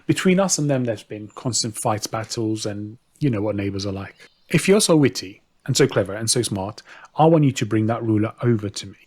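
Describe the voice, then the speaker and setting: A man voicing a proud, exasperated ruler who gives commands and mocks, with a slightly husky, lowish voice. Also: animated, a little fast, darkish tone. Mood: commanding. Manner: incredulous, commanding.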